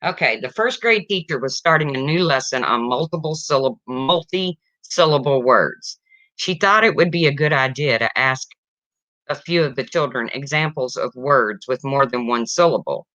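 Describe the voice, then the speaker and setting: A livestream host with a mid-range, animated voice tells jokes casually at a normal speed, chuckling and chatting with viewers. The tone is bright and forceful, and the dry stream audio sounds dull and slightly lo-fi.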